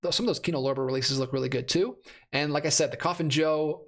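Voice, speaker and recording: Quick and fairly high, with a bit of brightness, this man's voice is starting to give out and sounds slightly worn. In his thirties, he hosts a casual movie-release live stream, reading chat aloud, rambling, correcting himself, and laughing often.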